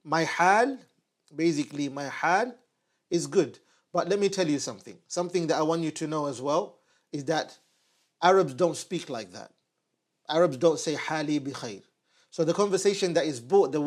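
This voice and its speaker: A man giving an online Arabic lesson at a whiteboard, patiently repeating phrases slowly for his learners. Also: on the high side. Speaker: Arabic teacher.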